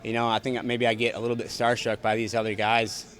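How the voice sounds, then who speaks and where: A man's voice: mid-range voice, completely flat delivery, fast talker, a bit bright. A young man, a fighter, answering reporters after a bout in a blunt, profane, repetitive way. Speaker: fighter at post-fight press scrum. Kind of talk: post-fight interview answers. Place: arena backstage press area.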